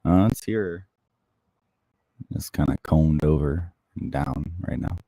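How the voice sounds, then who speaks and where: Super deep gravelly guy talking soft right up on the mic, laid back coffee chat. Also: slow, dry recording. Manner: soft-spoken, close to the mic. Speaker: livestream host. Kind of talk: casual chat reading viewer comments. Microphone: close microphone.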